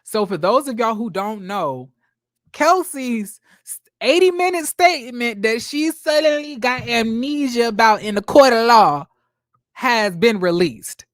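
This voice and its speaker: A woman's voice: fairly high pitch, animated, a little slow, dry recording, clean studio sound. A woman in her twenties hosting a casual livestream, chatty and sassy, greeting viewers by name. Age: 20s. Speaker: livestream host.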